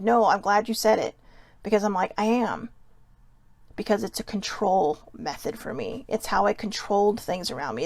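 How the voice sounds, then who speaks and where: A woman's voice: mid-range voice, creaky, no echo. A woman hosting a casual self-help chat show, talking in a chatty, rambling way with whispered asides. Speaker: host.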